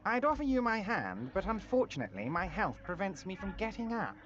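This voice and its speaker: A performer voicing a smooth-talking, ingratiating male union boss in a video game. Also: medium pitch, sing-song, a little fast, a bit bright, dull audio. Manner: ingratiating, overly polite.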